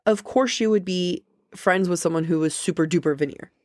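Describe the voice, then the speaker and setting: A woman co-host on a book podcast, making jokey, self-deprecating remarks during casual chat. Her voice sits on the lower side, and the recording is dry and close. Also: fairly quick, no echo.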